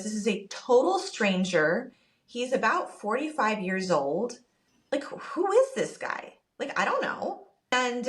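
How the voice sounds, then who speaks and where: Animated woman telling a heated story. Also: fairly high pitch. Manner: animated, quotes people in her story, rushes when upset. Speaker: podcast co-host. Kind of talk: casual storytelling chat.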